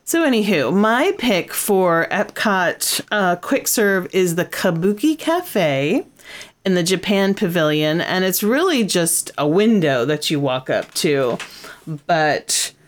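A woman's voice: lowish voice, big pitch swings, slow pace. A woman co-hosting a casual chat, talking. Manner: chatty, with frequent fillers and laughs. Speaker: podcast co-host.

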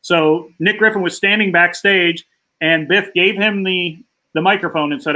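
A man's voice: sits high, brisk, pushed and bright, rough recording. A man, a stand-up comedian, telling an anecdote as a podcast guest, acting out the voices of the people in it. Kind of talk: casual interview storytelling.

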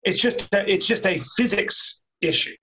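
High-voiced man, emphatic casual chat. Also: measured pace, bright, forceful tone, poor audio. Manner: emphatic, swears, repeats phrases.

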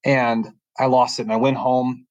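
A man's voice: medium pitch, flat delivery, moderate pace, no echo, highs cut off. A man telling his personal faith story as a podcast guest, earnest and rambling, often restarting his sentences, speaking from his bedroom at home. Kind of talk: personal faith testimony in conversation.

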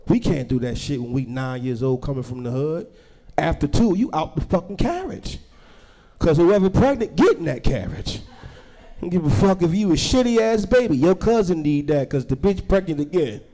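A young man performs a stand-up set, his voice sitting a little high and swinging widely as he tells his stories. He talks loudly and acts out the people he describes. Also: moderate pace. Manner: loud animated storytelling, acting out characters. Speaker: stand-up comedian.

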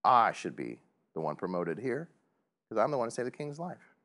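Man putting on a low, muttering, defiant old courtier who refuses to bow, sermon aside. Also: sing-song, normal speed, fairly bright tone. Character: defiant resentful biblical man, older male courtier.

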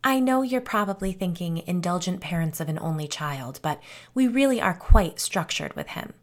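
A woman's voice: on the low side, animated, normal speed. Woman narrator playing a worried older mom, earnest, explains at length, slightly lifted voice. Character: anxious, earnest older mother.

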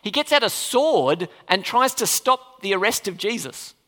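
A pastor preaching a sermon in a church hall, animated and full of questions for the congregation. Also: mid-range voice, moderate pace. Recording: long reverb of a hall.

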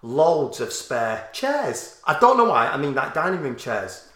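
A man in casual chat, telling a lively, profane story to a friend. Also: medium pitch, a little slow, roomy sound. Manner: animated, swearing, laughing storyteller.

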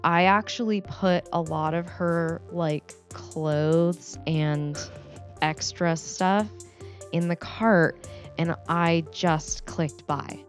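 A woman in her late twenties talks slowly and a little sheepishly as she co-hosts a casual podcast. Her voice sits on the low side, and faint music plays behind her. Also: steady tone. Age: 20s. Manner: sheepish, storytelling, giggly. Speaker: podcast co-host. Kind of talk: casual chat.

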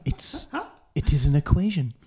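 A man's voice: a little high, lively intonation, moderate pace, darkish tone, slight background noise, close to an everyday voice. A man playing a flustered, dim-witted male ship captain who stammers nervously.

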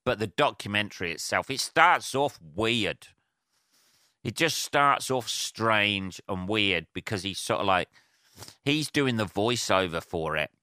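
A man on his own podcast, ranting in a loose, swear-heavy ramble full of restarts. His voice is lowish, bright and crisp, recorded dry and close on a handheld recorder. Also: expressive, a little slow, dry recording. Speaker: podcast host. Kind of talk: casual solo rant. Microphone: handheld portable recorder.

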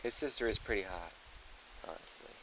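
A man's voice: fairly low pitch, brisk, bright, forceful tone, a little hiss or hum. A man co-hosting a casual podcast in a cabin, with a laid-back, profane and mumbling way of talking. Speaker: podcast co-host.

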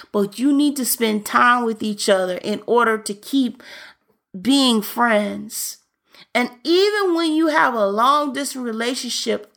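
A woman's voice: fairly high pitch, vocal fry, a bit bright. A woman preaching a sermon in an earnest, direct, exhorting way, addressing listeners with questions.

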